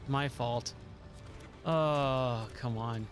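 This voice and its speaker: A male streamer narrates his gameplay in an ordinary mid-range voice, by turns pleading with the game and poking fun at himself. Faint music plays quietly behind him. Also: mid-range voice, a little slow. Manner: exasperated, self-mocking, talks to the game. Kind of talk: live gameplay commentary.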